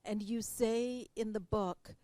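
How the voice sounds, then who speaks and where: A woman's voice: a little high, fairly even intonation, slow, warm tone, no room sound. A woman interviewing an author about his book, giving context and asking questions with playful asides. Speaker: interviewer and coach. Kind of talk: interview conversation.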